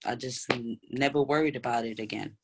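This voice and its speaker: A middle-aged mother telling a family story in an earnest, measured way during a casual chat. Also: extremely low pitch, background noise. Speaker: guest, mother of a guest.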